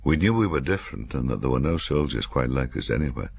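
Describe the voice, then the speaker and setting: An older man from Cumbria reads his own memoir aloud, wry and dry-humoured. His voice is extremely deep and gravelly, with a husky grain, yet it moves lively through the lines. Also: fast. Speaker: author reading his memoir. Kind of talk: audiobook memoir narration.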